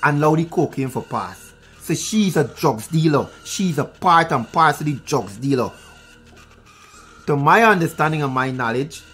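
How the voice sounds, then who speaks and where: A man's voice: on the high side, a bit bright. A man with a Guyanese accent giving a fiery, profane news commentary, repeating his points and speaking straight to viewers. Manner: fiery, repetitive, profane, addresses viewers directly. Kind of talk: heated news commentary rant.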